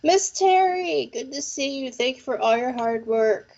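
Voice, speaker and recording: A woman's voice: a little high, steady tone, moderate pace, lo-fi sound. A woman presenter doing psychic readings, chatting casually with viewers on a live stream and often checking in with "okay?". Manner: chatty, lots of fillers like "okay?" and "like". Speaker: psychic reader and show presenter.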